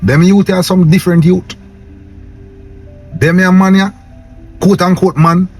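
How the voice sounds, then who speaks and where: This young Jamaican man speaks in a high but darkish voice with a steady tone and unhurried delivery. His casual vlog rant to camera is impassioned and preachy, in a Patois accent, with "yo" and "man" tacked onto his lines, and faint music plays behind.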